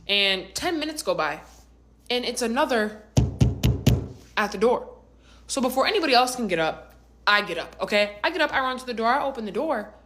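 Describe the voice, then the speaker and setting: A young adult woman narrating a personal storytime vlog in a casual, slangy and animated way, with rhetorical asides to the listener. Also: on the high side, fairly quick, pauses often, faint music behind.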